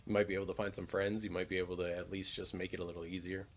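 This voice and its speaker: A man's voice: low-pitched, flat delivery, very fast. A man streaming a game, chatting casually in a laid-back, joking way, swearing freely. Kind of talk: casual gameplay commentary.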